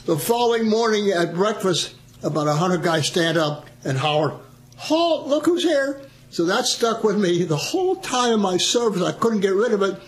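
An older man, a veteran, chatting through his war memories with frequent chuckles. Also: a little high. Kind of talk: storytelling oral history.

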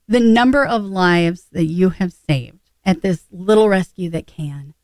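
A woman's voice: fairly low pitch, a little mellow, no room sound. A woman hosting a radio talk show, chatting casually and emphatically with a guest. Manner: chatty, emphatic, quick asides. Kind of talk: casual interview chat.

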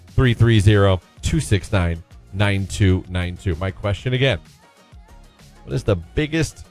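A man hosting a casual radio talk show, telling a self-deprecating story and inviting listeners to call in. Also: lowish voice.

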